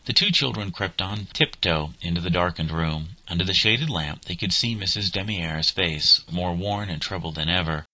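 A man narrating a storybook in a measured, plain way. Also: deep voice, sharp tone, no echo, rough recording. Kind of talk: storybook reading.

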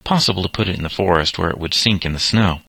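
A man reading a novel aloud as narrator, steady and measured. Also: sits low, gravelly, husky, no echo.

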